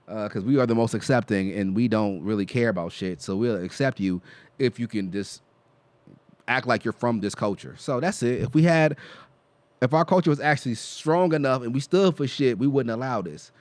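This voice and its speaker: A man's voice: medium pitch, normal speed, no echo. A man hosting reaction commentary, talking bluntly and profanely and interjecting often. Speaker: host.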